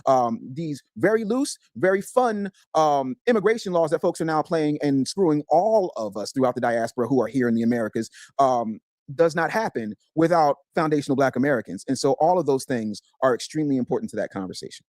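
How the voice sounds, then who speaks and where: A man's voice: medium pitch, animated, fairly quick, a little mellow, no echo, studio quality. A man on a discussion panel, making a firm argumentative case. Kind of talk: debate discussion.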